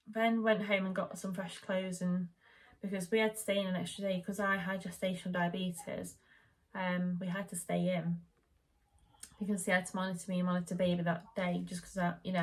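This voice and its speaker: A young woman chatting casually at home, telling the story of her labour and birth. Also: fairly low pitch. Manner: chatty, animated retelling, quoting the midwife in raised voice. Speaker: vlogger.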